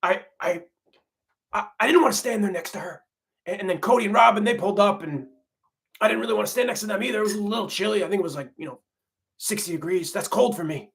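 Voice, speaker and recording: A man's voice: high voice, fast talker, vocal fry, fairly bright tone. A man playing a folksy, laid-back grandmother on a comedic parody livestream, rambling and repeating himself. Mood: gossipy. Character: folksy middle-aged grandmother reality-TV wife, laid-back. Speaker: livestream host.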